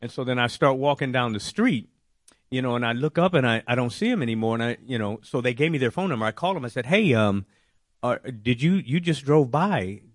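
A man telling a personal faith testimony, animated and acting out his own worried words. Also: mid-range voice, a little fast, no room sound, studio quality. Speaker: testimony speaker.

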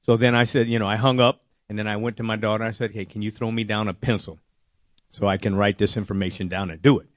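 A man telling a personal faith testimony, animated and acting out his own worried words. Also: lowish voice, fast talker, no echo, studio quality. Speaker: testimony speaker.

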